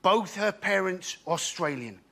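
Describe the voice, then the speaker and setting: A man's voice: high-pitched, unhurried, gravelly. A man delivering dry one-liners as a panel comedian in a TV studio. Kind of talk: stand-up routine. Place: TV studio with audience. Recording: steady hiss.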